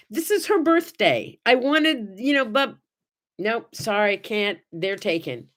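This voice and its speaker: A chatty woman hosts a casual morning livestream from her home mic, telling stories with animated delivery and acting out everyone in them. Her voice sits at a middle pitch for a woman. Now and then she squeals brightly as she greets viewers by name. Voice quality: animated storyteller, acts out the people in her stories. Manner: bursts into high squeals when greeting viewers. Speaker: host of a morning livestream show. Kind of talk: casual chat to live viewers.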